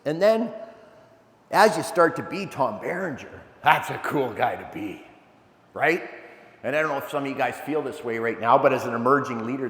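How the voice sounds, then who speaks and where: Energetic man speaking in an echoey hall. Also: medium pitch, vocal fry. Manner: energetic, animated storytelling with asides to the crowd. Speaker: keynote speaker. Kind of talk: motivational talk to a live audience. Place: large event hall. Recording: echoey hall, long reverb.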